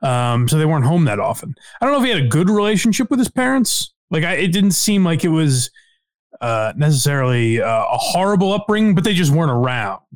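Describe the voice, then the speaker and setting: A man's voice: big pitch swings, a little fast, dry recording. Hesitant, casual male podcast host. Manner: hesitant, many fillers, sudden upward pitch jumps.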